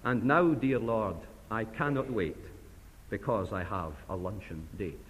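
A man's voice: fairly low pitch, measured pace, husky, pitched below the performer's own voice. A man reading a poem voices a vain, selfish society lady at prayer, in a dry satirical recitation. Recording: long hall reverb.

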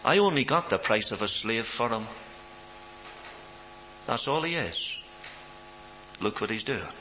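A man's voice: medium pitch, lively intonation, measured pace, close to an everyday voice. A man preacher voicing a smug male traitor muttering scornfully to himself, on a dull recording with mains hum.

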